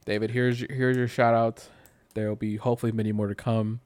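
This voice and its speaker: A man's voice: medium pitch, brisk, no echo. A young man co-hosting a podcast, telling a rambling story in casual chat with lots of fillers. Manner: animated, rambling with many fillers. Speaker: podcast co-host.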